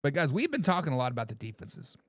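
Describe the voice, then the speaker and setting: A man hosting a sports talk live stream, reading viewer comments and joking back at them in an excitable way. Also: mid-range voice, quick pace, dry recording, studio quality. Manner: excitable, laughs and repeats himself, teases commenters. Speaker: sports talk show host.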